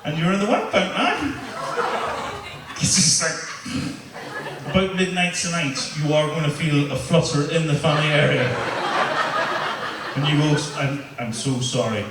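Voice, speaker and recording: Northern Irish man doing crude stand-up, far from the mic, in a booming room with crowd noise behind him. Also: measured pace, long pauses. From Northern Ireland. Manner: crude, crowd-teasing banter. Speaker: stand-up comedian. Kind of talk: live stand-up set. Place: comedy club stage. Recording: echoey venue, mic heard from afar, room noise.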